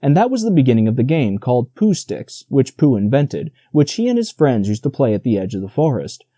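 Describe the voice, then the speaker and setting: A man narrating a children's book with a very dark, mellow tone. His delivery is expressive and lively, rising and falling freely, and the recording sounds dry and close. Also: medium pitch, a little fast, dry recording. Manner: expressive, storytelling. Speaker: audiobook narrator. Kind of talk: scripted narration.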